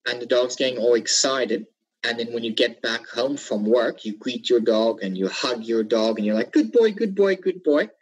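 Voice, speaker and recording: Male trainer, husky voice, plain webinar lecture delivery. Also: mid-range voice, little pitch movement, moderate pace, poor audio. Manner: instructive, repeats key points, some fillers. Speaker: dog trainer.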